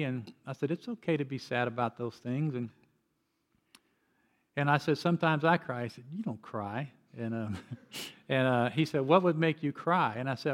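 An older man preaching a sermon as pastor, telling personal stories in an earnest way with frequent restarts. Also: fairly high pitch.

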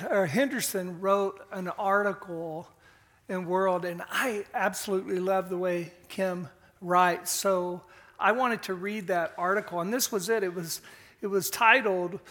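An older man telling a story in an earnest, emotional sermon style, pausing as he speaks. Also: sits high, sharp tone.

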